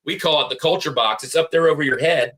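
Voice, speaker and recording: Male podcast co-host, bright and a touch high, chatty and rambling. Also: fast talker. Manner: rambling, laughs while telling stories. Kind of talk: casual podcast chat.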